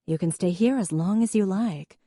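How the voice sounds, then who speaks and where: A woman voicing a warm, direct younger sister who talks frankly and kindly. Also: mid-range voice, normal speed, no echo, clean studio sound, voice pushed up, lightly acted. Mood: friendly.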